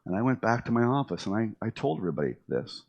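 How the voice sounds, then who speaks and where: The audio is dull, and the man's voice is fairly low, creaky, and fast. Middle-aged, he casually recounts his own story with lots of fillers and restarts, animatedly acting out what people said to him.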